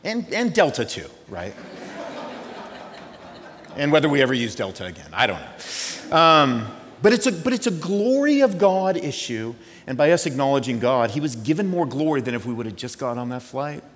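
A man preaching a sermon as pastor, conversational, moving between hushed reflection and excited storytelling. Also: medium pitch, normal speed, a little hiss or hum. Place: church sanctuary. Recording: reverberant hall.

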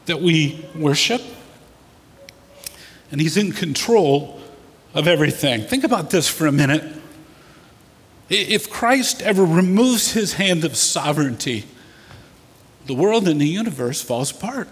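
Husky preaching man in an echoing hall. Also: fairly high pitch, animated, a little slow, pauses often. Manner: preaching with rising emphatic bursts, acts out scenes. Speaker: pastor. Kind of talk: sermon. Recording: echoey hall with long reverb.

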